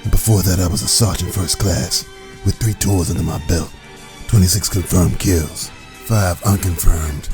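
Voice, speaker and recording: A man voicing a grim, boastful veteran army sergeant in a comedy sketch, talking gruffly and slowly. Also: low-pitched, music in the background, natural voice. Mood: grim boasting. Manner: gruff, slow, deliberate war stories.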